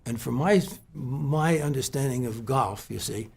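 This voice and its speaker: A man from the West Coast of the US interviewing a guest at a golf club, speaking haltingly with many restarts and fillers. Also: medium pitch, gravelly, slightly rough. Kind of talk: heartfelt conversational tribute.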